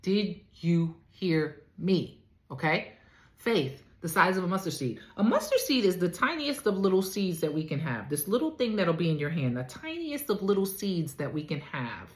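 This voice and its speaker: A woman's voice: fairly low pitch, very animated, moderate pace. A woman life coach giving emphatic, preacherly faith-based teaching, talking straight to the listeners, in an echoey room.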